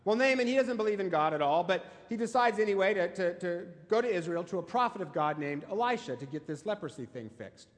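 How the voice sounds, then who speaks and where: Brief: male pastor, high voice, emphatic storyteller, long hall reverb. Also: expressive, fast talker, hardly any pauses. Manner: emphatic storytelling with rhetorical questions. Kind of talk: sermon.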